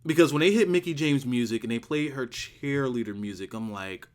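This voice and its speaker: Man, average pitch, casual video review, excitable, rambling, repeats himself for emphasis. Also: brisk. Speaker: wrestling show reviewer.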